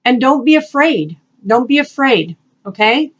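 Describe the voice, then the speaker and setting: A woman reading spiritual messages, earnest and repetitive, speaking encouragingly and asking spirit questions out loud. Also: high-pitched, animated, measured pace, lo-fi sound. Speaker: spiritual reader and channel host. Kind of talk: casual spiritual card-reading talk.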